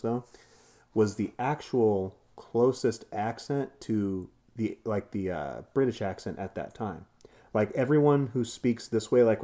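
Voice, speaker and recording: Man, put-on southern drawl, fairly low voice, playful, laughs easily, casual podcast chat. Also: mellow. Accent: put-on American Southern drawl. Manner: playful, laughs, explains at length. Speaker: podcast co-host.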